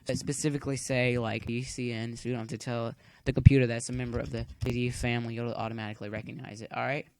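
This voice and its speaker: A man's voice: medium pitch, little pitch movement, rapid-fire, few pauses, darkish tone. A man giving a casual coding tutorial at home, chatty and rambling, filling the waits with corny jokes. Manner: chatty, cracks corny jokes while waiting. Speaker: tutorial maker.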